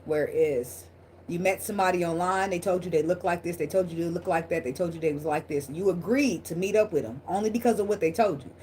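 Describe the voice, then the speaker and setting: A woman's voice: fairly low pitch, quick pace, a little mellow, a little hiss or hum. A woman giving a casual tarot reading to her viewers, talking bluntly with plenty of swearing and laughter. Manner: blunt, profane and laughing, talks straight to viewers. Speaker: tarot reader.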